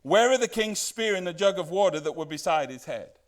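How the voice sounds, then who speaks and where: Male pastor, high register, casual sermon delivery, lots of rhetorical questions. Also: expressive, brisk. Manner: conversational, rhetorical questions, acts out quoted lines.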